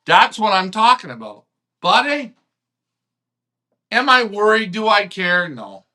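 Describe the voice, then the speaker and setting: A man hosting a live online pigeon club show, ranting heatedly, swearing and swinging from shouts to quiet mutters. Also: sits high, sing-song, a little slow. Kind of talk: heated live-stream rant.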